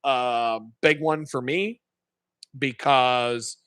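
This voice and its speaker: A man's voice: medium pitch, fairly even intonation, extremely slow, a bit bright, clean tone, dry recording. A man hosting a live stream, casually retelling a sermon in a rambling, profane way and correcting himself as he goes.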